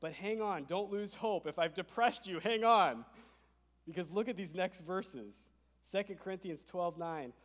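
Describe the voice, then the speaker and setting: A man's voice: sits high, unhurried. Emphatic male pastor preaching in a reverberant hall. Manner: emphatic, swings between soft and loud. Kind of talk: sermon. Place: church sanctuary.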